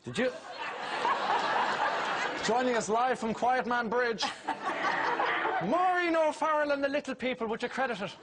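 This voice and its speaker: A man with an Irish accent hosting a TV chat show, teasing and quick-witted. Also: very high-pitched, over a noisy crowd. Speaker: talk show host. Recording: TV studio with loud audience and noise.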